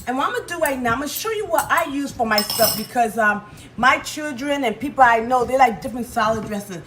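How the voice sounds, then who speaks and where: Woman, cooking vlogger, chatty, enthusiastic, fairly high voice, faint room hum. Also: expressive, fast. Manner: chatty, enthusiastic, addresses viewers as everyone. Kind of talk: casual home cooking demo.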